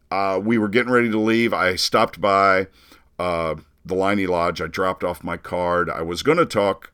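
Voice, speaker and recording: A man's voice: sits low, a bit bright. A man hosting a podcast, chatty and easygoing, often restarting his sentences. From Missouri. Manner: chatty, with frequent restarts and fillers. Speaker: podcast host. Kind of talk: casual interview.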